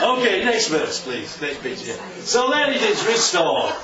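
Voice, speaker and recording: Crowd noise surrounds a man preaching informally with slides in a church hall. His high-pitched voice is sing-song and unhurried, and he often asks the congregation "right?" and "isn't that lovely?" The church recording sounds roomy, distant, and dull.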